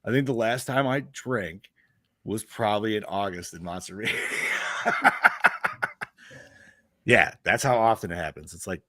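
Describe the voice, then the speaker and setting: A man's voice: on the low side, a little slow, pauses often, bright, forceful tone, no echo, studio quality. A man co-hosting a podcast, chatting casually, swearing freely and laughing often. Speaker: podcast co-host. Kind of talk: casual chat.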